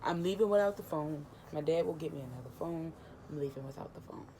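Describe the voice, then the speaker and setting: A young woman vlogger casually retelling a personal story, animated and emotional, acting out the dialogue. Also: low voice, fast talker, slight background noise.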